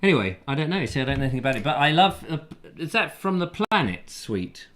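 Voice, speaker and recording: A man's voice: fairly high pitch, sing-song, fast talker, fairly bright tone. Rambling man hosting a live show. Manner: rambling, self-deprecating, lots of ums and musing asides. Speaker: host. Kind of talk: casual live show chat.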